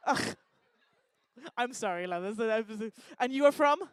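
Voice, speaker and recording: A woman's voice: on the high side, lively intonation, measured pace, clean tone, no echo. A woman hosting a live event on stage, teasing and joking with the audience in casual crowd work. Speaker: event host. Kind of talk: stand-up style crowd work. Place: lecture hall stage.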